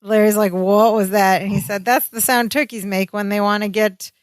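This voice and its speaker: A woman's voice: mid-range voice, normal speed, no echo. Woman retelling a sitcom episode, dry mic. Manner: animated retelling with quoted dialogue. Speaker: podcast co-host. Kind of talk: casual chat recapping a sitcom episode.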